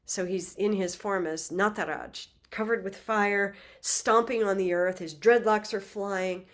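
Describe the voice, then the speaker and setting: A woman giving a spiritual talk, telling a myth in a lively, conversational way with casual asides. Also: medium pitch, measured pace. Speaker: spiritual teacher. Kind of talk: casual storytelling lecture.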